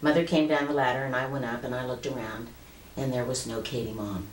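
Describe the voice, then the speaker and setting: A woman's voice: extremely low pitch, fairly even intonation, a little fast, roomy sound, a little hiss or hum, poor audio. A woman in her late fifties earnestly telling a personal story to the camera in a conversational way. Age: 50s. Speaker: vlogger.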